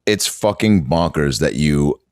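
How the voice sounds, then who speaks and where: Deep-voiced male host, dry and close. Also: expressive, clean tone, dry recording. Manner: reactive, quick amazed interjections. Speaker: podcast host. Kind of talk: casual podcast chat.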